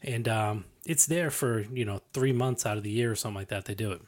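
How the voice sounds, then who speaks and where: A man's voice: fairly low pitch, fast. A man telling a rambling story in a casual chat, swearing and laughing as he goes.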